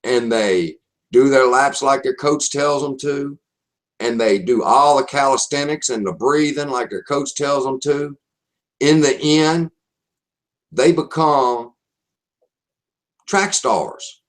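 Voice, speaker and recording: A man's voice: mid-range voice, takes it slowly, pauses often. A man with a Southern US accent presenting a live online marketing webinar, speaking emphatically and repeating his key phrases.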